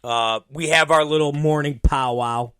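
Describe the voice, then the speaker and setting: A middle-aged man tells a long, profane story on his own show, wandering off and chuckling at himself. His voice sits a little high for a man. The sound is close and dry, with no room around it. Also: steady tone, a little slow, fairly bright tone, smooth, dry recording. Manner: profane, rambling, laughs at his own stories. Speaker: podcast host. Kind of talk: casual storytelling monologue.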